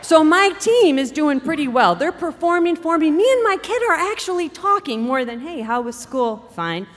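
A middle-aged woman telling a personal story in an animated, expressive way, acting out quotes. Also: high-pitched, normal speed. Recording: long hall reverb.

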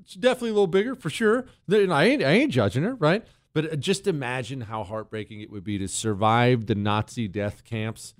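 A man hosting a talk radio show, wisecracking and taking callers with a lively, emphatic delivery. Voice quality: animated, wisecracking, swings pitch up for emphasis.

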